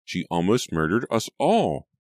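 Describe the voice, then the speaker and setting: A man's voice: expressive, measured pace, no echo. A man reading an audiobook, voicing an anxious young woman, the older sister, in a raised and emphatic voice. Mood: horrified. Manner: raised pitch, fretful and emphatic.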